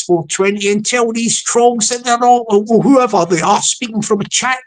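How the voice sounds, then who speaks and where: A woman's voice: on the high side, normal speed, few pauses. Rambling woman streaming live. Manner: rambling and repetitive, chuckling, addresses chat viewers. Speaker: livestream host. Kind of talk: casual livestream commentary.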